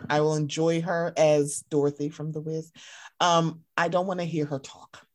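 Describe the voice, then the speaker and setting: A woman co-hosting a casual chat, animated and swearing freely as she acts out her own reactions. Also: sits low, moderate pace. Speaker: podcast co-host.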